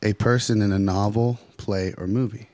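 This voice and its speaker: A man from California leads a casual roundtable. His voice sits low and his manner is relaxed as he asks reflective questions. He is recorded dry and close. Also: moderate pace, no echo. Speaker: podcast host.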